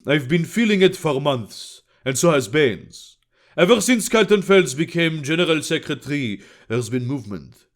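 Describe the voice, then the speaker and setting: A man's voice: a little high, animated, normal speed, natural voice. Bataille, a man voicing a sardonic male spy chief. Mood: dry. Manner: dry, faintly sarcastic. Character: sardonic male foreign intelligence officer.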